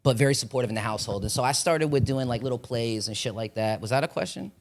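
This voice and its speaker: A young man from Florida talks fast and loose in a casual chat, swearing freely as he tells his stories. He acts out the other people's voices as he goes. His pitch sits mid-range for a man. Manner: rambling storytelling, profane, acts out voices. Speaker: podcast guest, actor.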